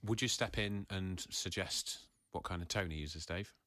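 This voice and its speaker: Bright, enthusiastic man. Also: low-pitched, moderate pace, dry recording, studio quality. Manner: enthusiastic, asks questions. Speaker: podcast co-host. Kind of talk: casual chat.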